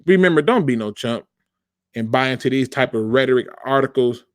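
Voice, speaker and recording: A man's voice: medium pitch, animated, brisk, no echo, clean studio sound. A man hosting a football fan channel, talking in a casual commentary rant, emphatic and informal, repeating his phrases for effect.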